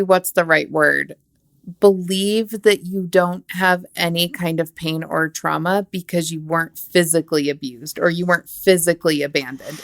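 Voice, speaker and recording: A woman with a slightly low voice reflects on a podcast in a thoughtful, conversational way. She often pauses to find her words. Her voice sounds close and dry. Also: no room sound. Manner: thoughtful, conversational, frequent "you know". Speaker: podcast co-host.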